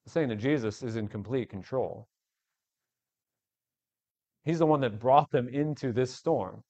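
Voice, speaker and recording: A male pastor preaching a sermon, animated, acting out the disciples' panicked cries in a raised voice. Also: medium pitch, normal speed, lo-fi sound.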